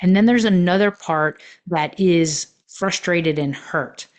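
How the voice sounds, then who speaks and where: A woman's voice: on the low side, slow. A woman coaching on relationships in a podcast monologue, telling personal stories in a reflective way with many fillers.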